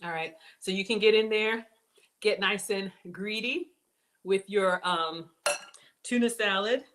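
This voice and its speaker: A woman hosting a casual cooking demonstration, chatty and excitable, talking straight to her viewers as she builds a snack. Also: mid-range voice, a little slow, noisy background. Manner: bubbly, excitable, chatty, addresses viewers as y'all. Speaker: cooking show host.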